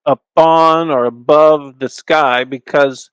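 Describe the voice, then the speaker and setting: A man giving an informal teaching talk, thinking aloud with restarts and slowing down to stress key terms, at times chanting short lines of Hebrew. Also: medium pitch, clear, resonant tone, no echo, rough recording. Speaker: Bible scholar teaching. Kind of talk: informal lecture with Hebrew recitation.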